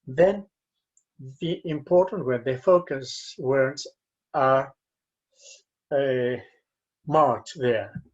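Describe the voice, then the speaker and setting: A man with a Chilean Spanish accent giving a university lecture on reading aloud, with frequent fillers and pauses. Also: mid-range voice. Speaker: university English teacher. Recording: dull lo-fi sound.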